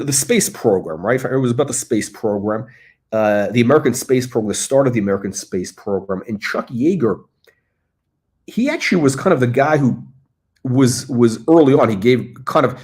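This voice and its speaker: A man hosts a casual livestream through a computer mic, speaking at an ordinary middle pitch with a slightly mellow tone. He rambles, filling his talk with fillers, repeated words and restarts.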